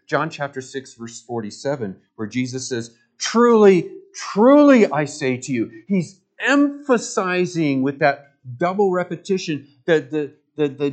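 A man preaching a sermon as pastor, earnest and emphatic, with repeated words and direct questions to the congregation. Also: mid-range voice.

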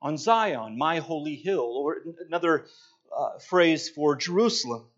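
A man preaching a sermon, slow and emphatic, pausing to stress his points. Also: fairly high pitch, animated. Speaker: pastor. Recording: dull lo-fi sound.

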